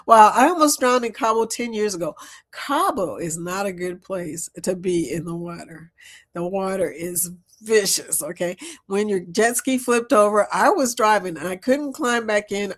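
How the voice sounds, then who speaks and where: A woman hosting a casual live-stream chat, talking loudly and laughing often. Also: mid-range voice, normal speed. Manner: animated, laughs often, loud and lively.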